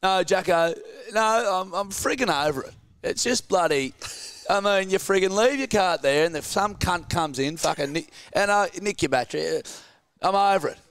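A man's voice: sits high, lively intonation, normal speed, few pauses, a bit bright, clean tone, no room sound, voice pushed up. A man imitating a grumpy, fed-up older man who rants crudely. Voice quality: crude, exasperated ranting.

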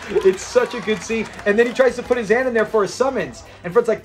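High-voiced chatty man reviewing episodes. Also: a little fast, soft background music. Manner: chatty, rambling, often laughs, acts out scene quotes. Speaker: channel host reviewing a sitcom episode.

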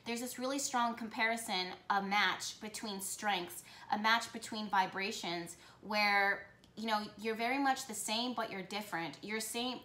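A woman giving a tarot reading for her channel, talking with excitement and often breaking off to correct herself. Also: medium pitch, echoey room. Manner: excited, rambling, self-correcting. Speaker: tarot reader.

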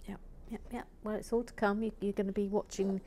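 A woman hosting a casual building vlog, chatting with viewers and often murmuring softly to herself as she works. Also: medium pitch, level tone, fairly quick, a little hiss or hum. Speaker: host.

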